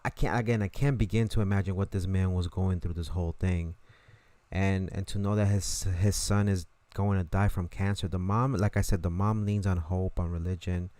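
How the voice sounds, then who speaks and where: A man's voice: sits low, steady tone, normal speed, warm tone, dry recording. A man streaming and commenting on a game in a casual, reflective way, often restarting his sentences.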